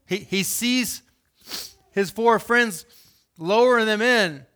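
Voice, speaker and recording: A male pastor preaching with animated, conversational energy, his pitch sitting a little high. His tone is bright and forceful and swings from loud emphasis to quiet asides. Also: slow. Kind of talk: sermon.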